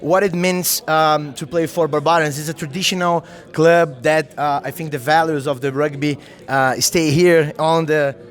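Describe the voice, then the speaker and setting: A young Brazilian man with a slightly high voice, host of a casual rugby-side interview. He sounds friendly and easygoing, speaking English with a Brazilian accent and Portuguese as his mother tongue. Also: steady tone, moderate pace, few pauses.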